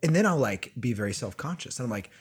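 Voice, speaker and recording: A man hosting a casual podcast chat, joking and animated as he talks into a studio mic with headphones on. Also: medium pitch, fast talker, slightly rough. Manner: joking, animated, self-mocking. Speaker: podcast host.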